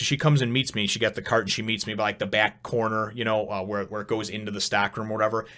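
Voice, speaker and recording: A man's voice: fairly low pitch, a bit bright. A young man from Chicago telling a long, rambling personal story in a casual vlog, with frequent asides and swearing.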